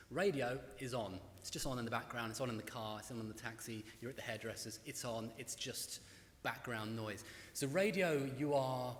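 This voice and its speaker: A British man speaks on stage in a large hall, telling his stories quickly and poking fun at himself with lively energy. His medium-pitched voice rings out with a long reverb. A faint murmur of the room sits behind him. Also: a little hiss or hum. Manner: quick, self-deprecating, animated storytelling. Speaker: guest historian. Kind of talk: on-stage conversation. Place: large hall at a live event.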